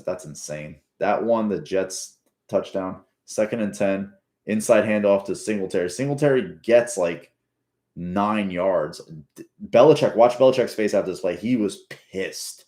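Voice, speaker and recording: A man's voice: fairly low pitch, animated, measured pace, a little mellow. A man giving casual, rambling, profane commentary while rewatching a football game. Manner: rambling, profane, restarts often. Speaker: sports fan commentator.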